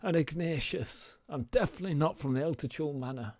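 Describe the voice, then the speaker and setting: A man putting on a stammering, fake high voice. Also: fairly quick, darkish tone, dry recording, clean studio sound. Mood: sheepish. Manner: stammering, overly insistent. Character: nobleman in a bad fake voice.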